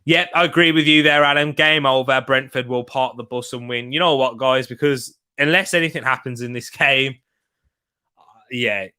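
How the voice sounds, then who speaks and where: Excitable young man streaming football. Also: medium pitch, moderate pace, clean tone. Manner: excitable, reacting loudly to chances. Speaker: football watch-along streamer. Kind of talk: live match watch-along commentary.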